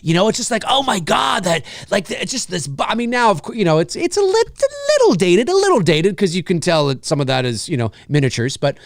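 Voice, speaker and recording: A man hosting a live film talk, enthusiastic and rambling with many fillers, dropping into quick mimicked voices. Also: sits high, huge pitch swings, no echo, clean studio sound. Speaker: host.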